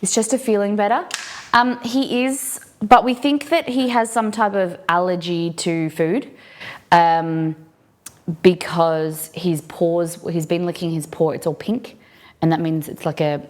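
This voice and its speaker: An Australian woman streaming while she cooks, chatting casually and answering viewers' comments as she goes. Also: lowish voice. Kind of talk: live-stream cooking chat.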